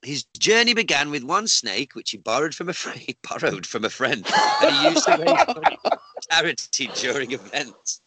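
A man's voice: fairly high pitch, wildly swooping pitch, moderate pace, heavy background noise. A man co-hosting a casual podcast, reading out odd news stories with lots of swearing and laughter. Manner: sweary, laughs often, mocks the story as he reads. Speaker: podcast co-host.

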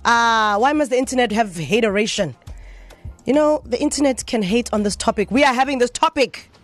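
A woman hosting a radio talk show, lively and emphatic as she shares her opinions. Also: on the high side, a little fast, soft background music. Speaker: radio host.

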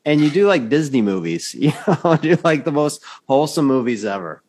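A man's voice: on the high side, very animated, fairly quick, darkish tone. A man co-hosting a podcast in casual chat, playful and joking, laughing through his lines.

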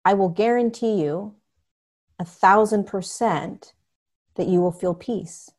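An earnest woman speaking as a podcast guest, with a voice of middling pitch for a woman. She talks with emphasis and keeps acting out quotes in a loose, conversational flow. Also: takes it slowly, a little mellow. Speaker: podcast guest, spiritual teacher. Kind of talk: casual conversation.

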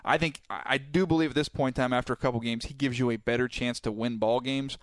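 A man, a football analyst on a sports talk show, explaining his views in a measured, steady way. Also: mid-range voice, dry recording. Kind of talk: sports radio debate.

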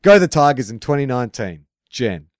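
A man co-hosting a sports podcast, chatting and reading a listener letter in a laid-back, low-key way. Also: sing-song, a little fast, dry recording, clean studio sound. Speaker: podcast co-host.

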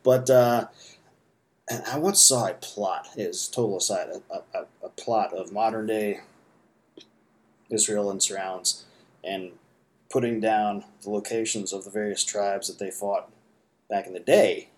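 A man's voice: fairly low pitch, steady tone, unhurried, long pauses. A man giving casual, rambling commentary full of fillers and asides. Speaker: podcast host commenting.

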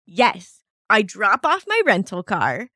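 A woman's voice: medium pitch, huge pitch swings, slow pace, bright, forceful tone, no echo, studio quality. A woman co-hosting a podcast, telling a story in a casual, chatty way and laughing often. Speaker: podcast co-host.

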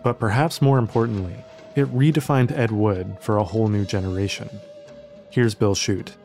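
Documentary narrator, male, lower pitch, steady and formal over music. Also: moderate pace. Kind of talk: scripted narration.

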